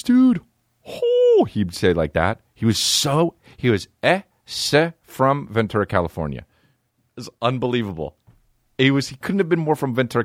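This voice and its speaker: Male comedy podcast host, lively pitch, crude storyteller who slips into voices. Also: no room sound, studio quality. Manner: profane, animated, jumps into high-pitched character voices.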